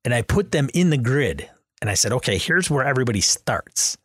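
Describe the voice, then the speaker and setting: A man casually explaining how he ran a tabletop game session, measured and methodical. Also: mid-range voice, big pitch swings, fairly bright tone, no room sound, studio quality. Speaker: game master. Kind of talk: casual chat about running tabletop games.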